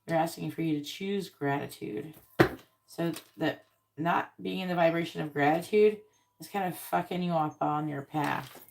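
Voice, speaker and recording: A woman doing a live tarot reading, softly repeating card draws and talking bluntly between them, with occasional swearing. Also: deep voice, moderate pace, gravelly, background noise. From Florida, United States. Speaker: tarot reader.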